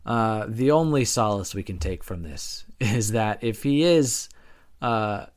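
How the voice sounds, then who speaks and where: A man's voice: lowish voice, expressive, takes it slowly. A young man co-hosting a podcast in casual chat, explaining at length while hedging and correcting himself. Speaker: podcast co-host.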